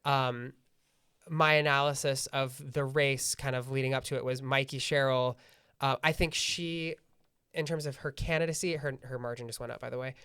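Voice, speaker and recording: A man co-hosting a podcast, giving measured analysis of politics in casual conversation. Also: medium pitch, fairly even intonation, sharp tone, smooth, dry recording, studio quality. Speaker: podcast co-host.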